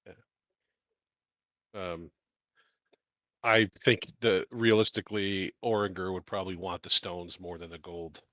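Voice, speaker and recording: A man's voice: deep voice, fairly even intonation, measured pace, long pauses, a bit bright, no echo, muffled recording. A man playing in a tabletop game, talking casually and playfully. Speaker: player.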